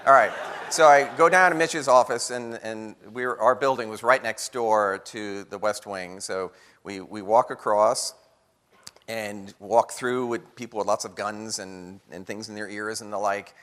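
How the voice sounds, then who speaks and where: A man giving a lively storytelling talk to an audience, acting out the voices of people in his story. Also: lowish voice, measured pace. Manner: animated storyteller acting out quotes. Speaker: guest speaker. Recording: long hall reverb.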